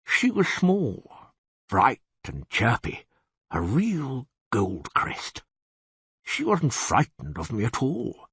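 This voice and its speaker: Man voicing a husky, chatty beast-man. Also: mid-range voice, wildly swooping pitch, takes it slowly, fairly bright tone, no echo, heavily acted. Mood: amused. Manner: chatty, confiding, wry. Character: cursed beast-man, hulking, genial, boastful. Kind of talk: audiobook reading.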